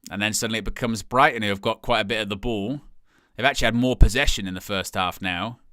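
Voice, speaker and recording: A young man giving live fan commentary on a football match, in a bright, crisp, smooth voice recorded dry and close. He rambles in quiet casual asides, then bursts into loud, high shouts when a chance comes. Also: quick pace, no echo. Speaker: fan watch-along host.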